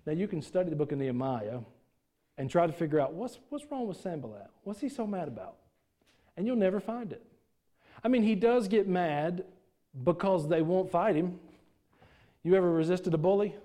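A man's voice: sits high, lively intonation, normal speed, long pauses, mellow. A middle-aged man preaching a sermon in a church, folksy and joking, full of rhetorical questions to the congregation. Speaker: pastor.

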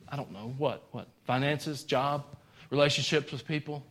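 Folksy preacher, rising to high exclamations. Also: male voice, brisk, a bit bright. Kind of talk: sermon.

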